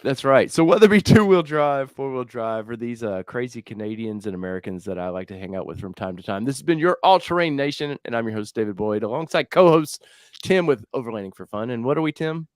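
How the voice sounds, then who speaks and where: A man's voice: medium pitch, lively intonation, fast talker, no room sound, clean studio sound. Laid-back man hosting a show. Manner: laid-back, laughs often. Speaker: host. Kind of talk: casual chat.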